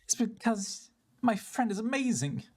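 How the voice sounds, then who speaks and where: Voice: mid-range voice, big pitch swings, unhurried, darkish tone. A game streamer chatting casually while playing, self-mocking and rambling, swearing now and then, and breaking into laughter often. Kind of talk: casual live-stream commentary over gameplay.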